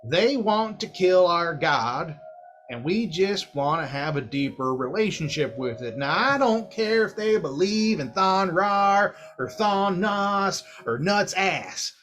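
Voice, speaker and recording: A man's voice: sits high, animated, extremely slow, pauses often, a bit bright, faint music behind, pitched above the performer's own voice, exaggerated voice. A man voicing a plain, boastful male dragonborn commoner who rambles and cusses in a rural redneck drawl. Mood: folksy ranting.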